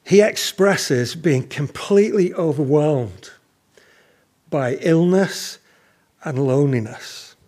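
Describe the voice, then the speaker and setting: A man delivers a sermon in an unhurried, deliberate way. His voice is slightly husky and sits a little higher than most men's. He leans into his questions with emphasis. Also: lively intonation, a little mellow. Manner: slow, measured delivery with rising emphasis on key questions. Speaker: preacher.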